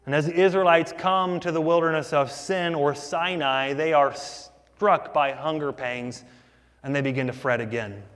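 A man's voice: a little high, normal speed, fairly bright tone. A male pastor delivering a sermon, talking to his listeners as "guys" and asking them rhetorical questions. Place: church sanctuary. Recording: long reverb of a church hall.

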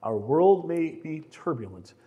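A man's voice: fairly high pitch, sing-song, measured pace, breathy edge, phone-quality sound. A middle-aged man preaching a conversational sermon, often repeating words as he starts a sentence. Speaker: pastor.

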